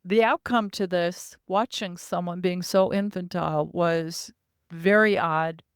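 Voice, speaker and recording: Earnest woman with a smooth voice. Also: on the low side, steady tone, a little slow, no echo, clean studio sound. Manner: earnest, vivid storytelling. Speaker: podcast guest. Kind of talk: recounting personal experiences.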